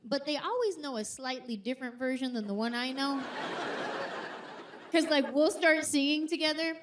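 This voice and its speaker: A woman performing a stand-up comedy routine on stage, animated and acting out quotes in high voices. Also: moderate pace, slight background noise. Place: theater stage before a live audience.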